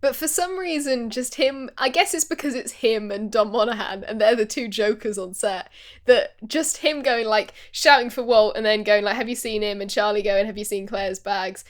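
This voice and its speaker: A woman with a Northern English accent co-hosting a casual comedy podcast, animated, acting out scenes and laughing often. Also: a little high, normal speed. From England. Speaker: podcast co-host.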